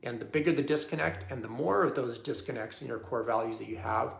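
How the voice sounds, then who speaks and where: A man's voice: mid-range voice, fast talker, gravelly. A man hosting a live talk, speaking casually to his audience, often checking in with "okay?" and restarting his sentences. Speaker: host. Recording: echoey room.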